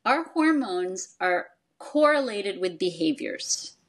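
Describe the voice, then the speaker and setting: Older woman psychoanalyst explaining calmly. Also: mid-range voice, slow pace. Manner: explanatory, acts out quoted parents. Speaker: psychoanalyst guest. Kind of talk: expert conversation.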